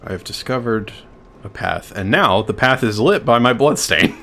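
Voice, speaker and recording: Animated, profane streamer guy. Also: medium pitch, normal speed, vocal fry, a little hiss or hum. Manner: swearing, joking, talks to himself and the game. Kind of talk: casual gameplay commentary.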